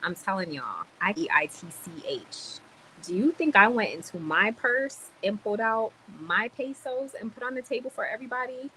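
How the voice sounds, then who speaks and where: A woman ranting in a casual vlog, blunt and animated, swearing and then apologizing for it. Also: a little high, moderate pace, slight background noise, poor audio. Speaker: vlogger. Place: home in the Dominican Republic, quiet ambience.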